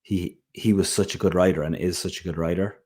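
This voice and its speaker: A man's voice: low-pitched, fairly even intonation, a little fast, a little mellow. A man co-hosting a podcast, rambling chattily with plenty of asides and fillers. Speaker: podcast co-host. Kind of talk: casual chat.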